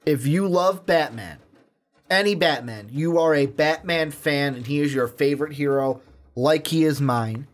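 A man's voice: a little high, measured pace. A man co-hosting a casual chat, talking earnestly and emphatically and repeating his points. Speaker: co-host.

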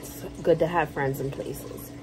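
A woman's voice: deep voice, steady tone, measured pace, background noise. A woman vlogger chatting casually to camera at home, telling stories in a slangy, joking way. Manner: chatty, slangy, jokey storytelling.

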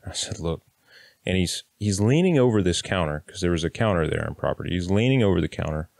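Talking fast, this man from Kansas in his thirties has a low, gravelly, expressive voice with a slightly mellow edge. He recounts a personal story to camera plainly and bluntly, swearing at times and performing what others said. There is no room sound, and the quality is studio grade.

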